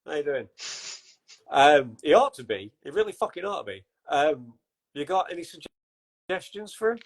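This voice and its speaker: A man's voice: fairly high pitch, very animated, normal speed, creaky, rough recording. A man hosting a podcast in casual chat, with wry, sarcastic asides and frequent swearing. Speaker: podcast host.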